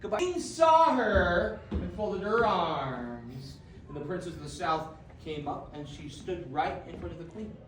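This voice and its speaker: Slow, animated woman telling a children's story. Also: on the low side, distant mic. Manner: animated, playful, talks to the kids. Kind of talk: interactive children's story performance. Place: children's theater stage. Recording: echoey theater from afar, noisy.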